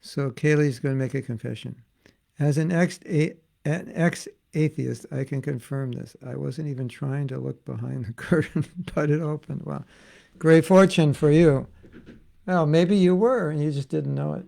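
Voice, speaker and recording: Older guy w/ gravelly dark voice, chatty spiritual class, jokes around. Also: on the high side, moderate pace. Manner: joking, conversational, reads viewer comments aloud. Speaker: spiritual teacher. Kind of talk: informal online class.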